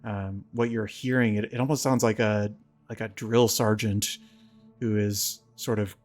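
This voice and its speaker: A man running a tabletop game as game master, narrating in a relaxed, halting way with many fillers. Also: lowish voice, soft background music.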